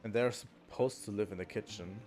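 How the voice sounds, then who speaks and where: A man's voice: lowish voice, normal speed, a little mellow, faint music behind. A man streaming a video game, talking to himself in a loose, thinking-aloud way with frequent ums and restarts. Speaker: gaming streamer. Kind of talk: casual let's-play commentary.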